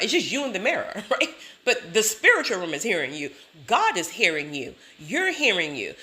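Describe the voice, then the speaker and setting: Woman, sassy motivational vlogger, bright and lively delivery. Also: medium pitch. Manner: sassy, emphatic, repeats catchphrases; laughs often, animated storytelling. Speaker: self-help vlogger. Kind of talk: motivational talk to camera.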